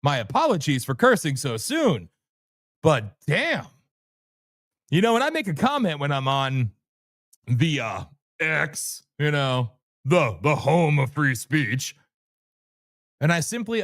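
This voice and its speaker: A man hosting a livestream, delivering loud, brash, sarcastic commentary laced with profanity. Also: mid-range voice, no room sound, studio quality. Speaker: livestream host. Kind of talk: ranting commentary.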